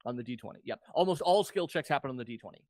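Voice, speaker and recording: A man's voice: mid-range voice, animated, racing, a little mellow, no echo. A man running a tabletop game, explaining the rules casually with frequent ums. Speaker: game master.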